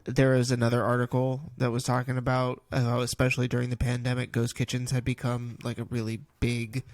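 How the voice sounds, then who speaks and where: A man's voice: mid-range voice, monotone, a little fast, no room sound. A man co-hosting a podcast, talking casually and dropping teasing quips. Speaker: podcast co-host. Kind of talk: casual chat.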